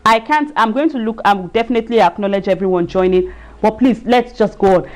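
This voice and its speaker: A woman's voice: medium pitch, fairly quick. A woman giving a talk on marriage in a live video stream, earnest, repeating herself and searching for words. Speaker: marriage enrichment speaker. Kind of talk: livestream talk.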